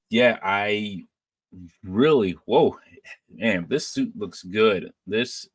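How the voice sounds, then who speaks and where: A man hosting a podcast, casually reading and answering live chat comments in a relaxed, rambling way with many fillers and restarts. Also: low voice, vocal fry, no room sound.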